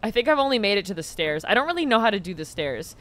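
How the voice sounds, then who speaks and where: Bright, lively woman streaming a game. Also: mid-range voice, fast talker, a little hiss or hum. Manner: chatty, sarcastic, swears often, swings to loud squeals. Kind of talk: casual gameplay commentary.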